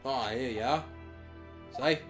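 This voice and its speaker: A man putting on a gruff warder, middle-aged, blustering, mid-pitched voice, game music behind. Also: takes it slowly, a bit bright.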